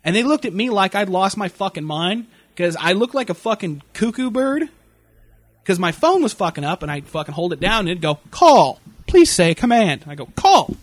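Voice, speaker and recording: Profane, animated young man ranting. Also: sits high, fairly quick. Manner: profane, animated, yells impressions of people. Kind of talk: casual comedic rant.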